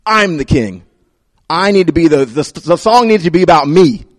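A jealous, indignant king, as a preacher puts him on, protesting in a whiny, outraged tone. His voice jumps high with wounded pride. It is played during a sermon retelling. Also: expressive, moderate pace, no room sound, studio quality, long reverb tail, natural voice. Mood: vengeful.

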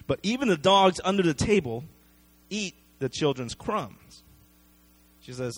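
Higher-voiced man preaching a casual sermon. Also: lively intonation, a little slow. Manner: conversational, acts out the story in everyday voices.

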